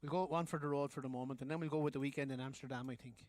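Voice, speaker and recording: A man's voice: medium pitch, fairly even intonation, very fast, darkish tone, no echo. An Irish man, a folk singer and guitarist, chatting loosely between songs on a live stream, often trailing off and restarting.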